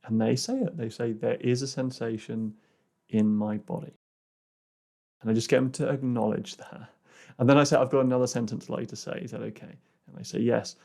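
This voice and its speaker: A man talks through a personal growth podcast episode at a middle pitch, telling a client story in a loose, conversational way. He restarts often and fills gaps with "you know" and "like". When he quotes the exercise, he drops to a soft, low voice. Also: fast talker, gravelly, slightly rough. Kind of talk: solo podcast monologue.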